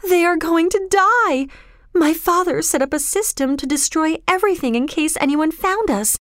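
A woman voicing a frightened, emotional young girl in a storybook reading, high and tearful. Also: very slow, a bit bright, no echo, clean studio sound, exaggerated voice. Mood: sobbing.

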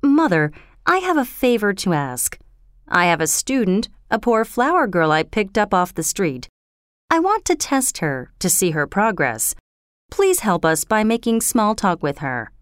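A woman's voice: medium pitch, big pitch swings, unhurried, smooth, no room sound, studio quality. A woman voicing a brusque, self-assured middle-aged male professor in a storybook reading. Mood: confident. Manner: confident, impatient.

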